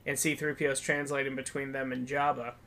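A young man co-hosting a podcast, retelling scenes in an animated way during casual chat. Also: mid-range voice, quick pace. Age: young adult. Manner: animated storyteller. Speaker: podcast co-host.

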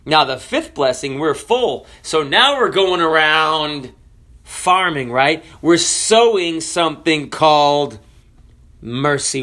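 A preacher with a high, bright voice delivers a sermon at an unhurried pace. He swings from loud cries down to hushed drops and keeps asking his listeners questions. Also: lively intonation.

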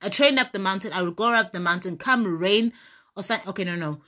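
Animated, emphatic woman telling her story. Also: mid-range voice, fairly quick. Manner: animated and emphatic, rising loud in bursts. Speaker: speaker sharing her story. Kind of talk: motivational faith talk.

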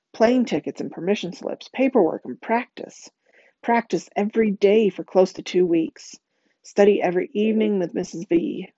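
A woman reading a novel aloud, expressive, with a lively rhythm in lists. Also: lowish voice, normal speed, dry recording, lo-fi sound. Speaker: reader.

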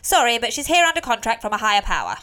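An actress plays a firm manager with a bright, tense, lively voice. She lays down the law dryly. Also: a little high, racing.

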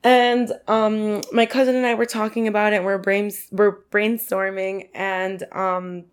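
A woman's voice: mid-range voice, little pitch movement, a little slow, clean tone. A woman with a New York accent, chatting as a podcast guest and telling a long story in a loose, rambling way, full of "like" and swearing. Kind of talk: casual storytelling chat.

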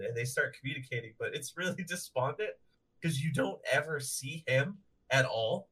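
A man's voice: a little high, animated, moderate pace, a bit bright, breathy edge, low-quality recording. A man co-hosting a casual chat about comics, laughing often as he retells scenes. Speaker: podcast co-host.

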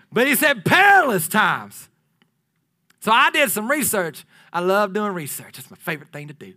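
A man preaching a sermon, lively and playful, swinging from loud declarations down to hushed near-whispers. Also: high voice, moderate pace, pauses often. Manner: playful asides with laughter to the congregation.

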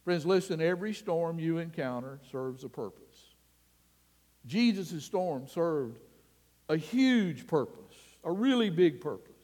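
Male pastor, sermon, slow earnest delivery, slightly high voice, long hall reverb. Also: expressive. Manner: slow, earnest preaching with dramatic drops to a hush.

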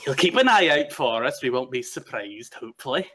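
A man's voice: medium pitch, sing-song, brisk, bright, forceful tone. A man voicing an eager, chatty male woodland hermit who talks in a raised, stammering voice.

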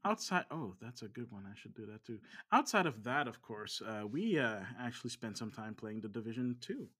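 A man co-hosts a casual gaming podcast, his voice sitting at an ordinary middle pitch. He rambles along, trailing into ums and restarting his sentences. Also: big pitch swings, fairly quick, sharp tone. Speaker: podcast co-host.

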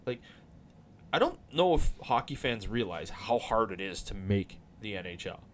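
Animated, rambling male podcast host. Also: on the low side, moderate pace, slight background noise. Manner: animated, rambling, swears casually. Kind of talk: casual chat about hockey.

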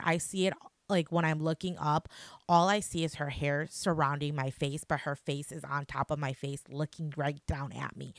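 A woman's voice: sits low, dry recording. A young woman casually telling her own scary story as a podcast host, chatty, full of fillers, with some swearing. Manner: animated, chatty, lots of "like" fillers.

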